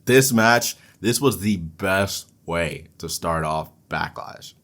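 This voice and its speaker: A man with a lowish voice talks through wrestling matches at an unhurried, drawn-out pace. He sounds laid-back and swears casually, chuckling at his own stumbles. The delivery suits a casual podcast recap. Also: animated, a bit bright. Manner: laid-back, profane, laughs at himself. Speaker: podcast host.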